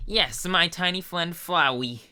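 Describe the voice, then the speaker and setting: A young man voicing a loud, boastful and cheerful skeleton in a fan reading, with a shouty, theatrical delivery. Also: on the high side, unhurried, smooth, no room sound, pitched above the performer's own voice. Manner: shouty, theatrical, self-assured. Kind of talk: fan voice reading of a game character.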